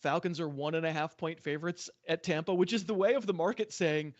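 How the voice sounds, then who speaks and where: Joking guy cohosting a betting podcast, kinda high voice, muffled lo-fi audio. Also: a little fast. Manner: animated, jokey, laughs often. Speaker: podcast co-host. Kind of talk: casual sports betting chat.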